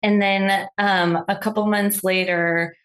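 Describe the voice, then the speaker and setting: A woman's voice: medium pitch, steady tone, slow, a bit bright. A woman telling a family story as a caller, chatty and hesitant, with many fillers. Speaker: caller seeking advice. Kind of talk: casual storytelling.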